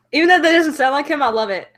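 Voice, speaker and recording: A woman's voice: sits high, fairly bright tone. A young woman with a Southern US accent, hosting a casual stream, laughing often and reading viewer comments. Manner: giggly, reads viewer comments. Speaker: host. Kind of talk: casual livestream chat.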